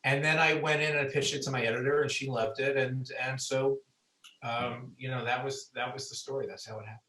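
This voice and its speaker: Chatty author, roomy far-off sound. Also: male voice, mid-range voice, level tone, a little fast, fairly bright tone. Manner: chatty, many fillers and restarts. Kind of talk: conversational book talk.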